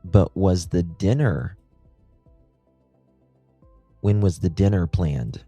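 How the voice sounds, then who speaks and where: A man's voice: sits low, slow, warm tone, breathy edge, dry recording, faint music behind. A man hosting a true-crime livestream, thinking aloud in casual commentary and posing rhetorical questions.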